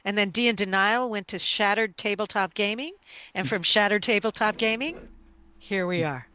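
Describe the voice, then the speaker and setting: A woman's voice: mid-range voice, moderate pace, sharp tone, clear, resonant tone. A woman introducing herself as a player in a tabletop game, friendly and easygoing with lots of fillers. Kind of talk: casual self-introduction.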